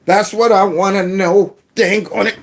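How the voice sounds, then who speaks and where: A man's voice: high voice, steady tone, moderate pace. A man giving casual, folksy commentary as he reacts to news clips and talks back to them.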